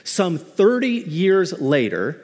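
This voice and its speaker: A man pastor preaching a sermon in a conversational, animated way, mixing in light humor, in a church. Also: high voice, slow, husky, in a large hall. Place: church sanctuary.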